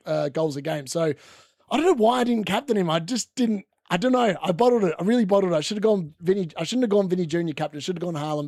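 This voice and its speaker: Chatty high-voiced man, dry sound. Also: a little mellow, dry recording. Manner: chatty, rambling, reacting to the match. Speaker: watchalong host. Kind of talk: casual live football watchalong chat. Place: room at home.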